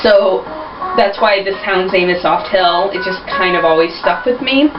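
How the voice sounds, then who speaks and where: A woman's voice: medium pitch, moderate pace. A young woman chatting casually and rambling as she narrates a video game. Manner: chatty, rambling, self-deprecating. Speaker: gameplay narrator. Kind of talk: casual gameplay commentary. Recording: roomy, distant, dull, with game music.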